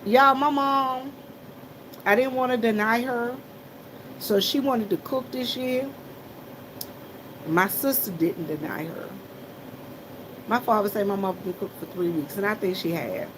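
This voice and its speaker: A woman's voice: mid-range voice, unhurried, long pauses. Chatty woman vlogger, noisy background. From South Carolina. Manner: chatty storytelling, greets commenters. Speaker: vlogger working a gas station shift. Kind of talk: casual chat to viewers.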